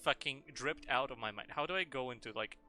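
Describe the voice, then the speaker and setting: A man chats loosely while streaming a game, rambling from thought to thought and swearing freely. His voice is bright and forceful at a middle pitch. Faint music plays underneath. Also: fairly quick. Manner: playful, swears a lot, rambling. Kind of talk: casual live-stream chat.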